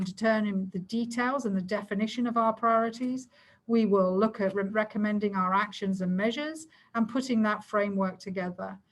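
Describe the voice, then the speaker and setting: A woman presenting a community safety plan to a council over a video call, talking quickly and explaining to fit her time. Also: medium pitch, rough recording.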